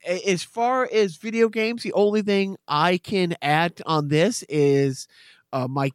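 A man's voice: high voice, a little slow, clear, resonant tone, no room sound. Easygoing middle-aged man, dry close sound. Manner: easygoing, explains at length with small stammers. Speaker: podcast co-host. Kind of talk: casual chat.

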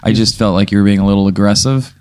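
A man's voice: fairly low pitch, steady tone, rapid-fire, a little mellow, smooth. A man who plays along with a comic story, improvising his own replies. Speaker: podcast guest. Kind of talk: casual comedic chat.

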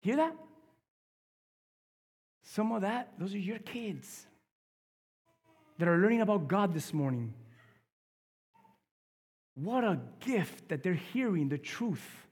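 A male pastor preaching a sermon in a church, dropping to a hush and then rising to loud emphasis. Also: high voice, lively intonation, takes it slowly, pauses often, breathy edge, big-room sound. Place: church sanctuary.

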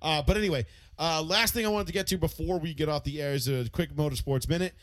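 Quick-paced and fairly bright, this thirty-something American man's high-leaning voice carries casual, swear-filled podcast banter as a co-host, rambling and full of fillers. No echo is audible.

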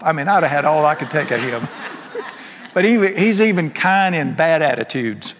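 A man preaching a sermon as pastor, animated and joking, with lots of rhetorical questions. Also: a little high, normal speed. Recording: long hall reverb.

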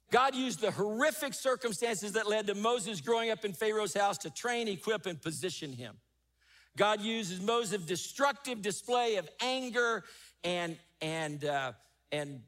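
A man's voice: high voice, fairly bright tone. A man preaching a sermon as pastor, emphatic, rising and falling, repeating key phrases.

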